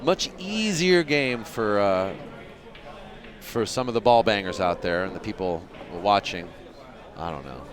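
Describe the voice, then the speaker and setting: A man commentating a pool match live in a loose, chatty way. His pitch swings around a lot as he talks, and he keeps bantering with the people watching. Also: lively intonation, measured pace, a crowd in the background. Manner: chatty, joking with viewers, laughs often. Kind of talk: casual live play-by-play commentary.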